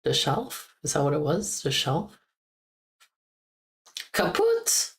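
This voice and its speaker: A young female streamer with a low, animated voice speaks at a moderate pace in casual live-stream chat. Giggly and playful, she jokes while repeating words she picks up from a game.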